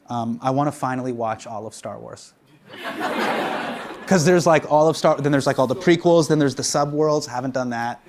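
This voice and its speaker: A man hosting a comedy show, answering audience questions on stage with lots of laughter and acted-out quotes. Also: mid-range voice. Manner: animated, laughing, acts out quotes. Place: studio stage before a live audience. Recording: loud audience and background noise.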